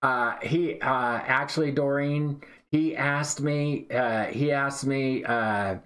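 Laid-back rambling man, mid-pitched. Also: takes it slowly, fairly bright tone. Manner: laid-back, drawling, repeats himself and ends lines with "man". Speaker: day-trading live streamer. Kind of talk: casual rambling storytelling on a live stream.

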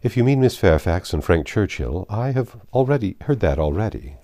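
A man reading a grave older gentleman's lines in a classic novel, speaking in a heartfelt way. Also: lowish voice, big pitch swings, moderate pace, dry recording, studio quality. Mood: quiet.

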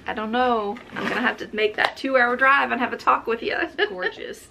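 A woman's voice: on the high side, lively intonation, a little fast, vocal fry, sharp tone, a little hiss or hum, low-quality recording. A woman chatting casually and gushing with delight as she unboxes gifts at home, exclaiming often. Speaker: vlogger. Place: home, indoors.

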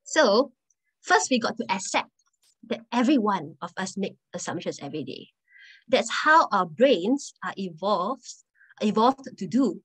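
A woman's voice: mid-range voice, sing-song, a little slow, fairly bright tone, slightly rough, poor audio. A woman guest speaker telling personal stories in a presentation talk, conversational and earnest, often restarting her phrases.

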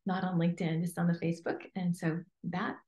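A woman's voice: fairly low pitch, fairly quick. Emphatic woman coach in a roomy space. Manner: emphatic, animated, playfully acts out imagined inner voices. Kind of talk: interview guest.

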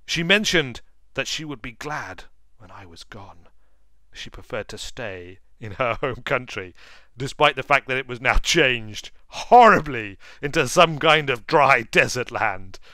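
A man's voice: medium pitch, animated, measured pace, pushed and bright, no room sound. A man voicing a proud Victorian naturalist explorer, reading the game's story text in a grand, storybook manner over faint game music. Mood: grandiose.

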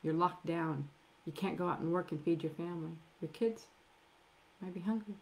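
A middle-aged woman preaching a sermon, emphatic, drawing out key words and dropping to soft near-whispers at times. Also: fairly low pitch. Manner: emphatic, with slow drawn-out stresses and soft near-whispered asides.

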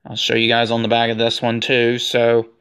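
Bright-voiced man reading off cards. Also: medium pitch, normal speed, clear, resonant tone. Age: 40s. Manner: rattles off names in a running list; excitable, says he is shaking. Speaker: card collector opening packs. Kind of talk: casual unboxing commentary.

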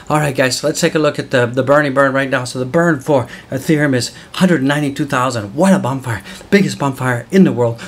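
A man hosting solo market commentary in an excited, exclamatory way, often whooping and calling out to viewers. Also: a little high. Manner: hyped, exclamatory, whooping, calls viewers guys.

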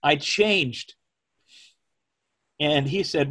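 A middle-aged man, a former television meteorologist, recalling events in a slow, measured way that turns emotional. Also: mid-range voice. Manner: slow, measured, speaking from the diaphragm. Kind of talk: emotional personal recollection.

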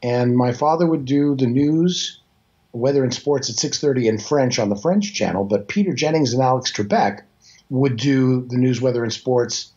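A man's voice: mid-range voice, moderate pace, mellow. A Canadian voice actor in his sixties, chatting as an interview guest and telling rambling, self-deprecating stories. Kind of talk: casual interview chat. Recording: slightly dull lo-fi audio.

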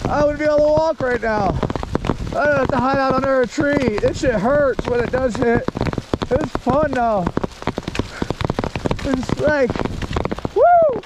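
A man's voice: extremely high pitch, heavy background noise. A man who is a long-distance hiker, talking to camera outdoors on a mountain road while he walks, exclaiming, swearing freely and whooping. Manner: exclamatory, profane, laughs often, loud whoops. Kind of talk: casual walking vlog monologue.

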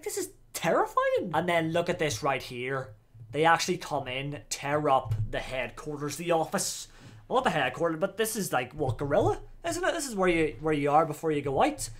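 A man giving excitable, slangy commentary while reacting to a wrestling video. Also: fairly high pitch.

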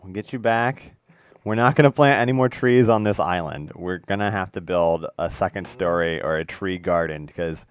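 A young man casually commentating his own game play, excitable and swearing, cooing baby talk at the animals. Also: low-pitched, moderate pace, clean tone, dry recording, studio quality. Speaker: gaming video host.

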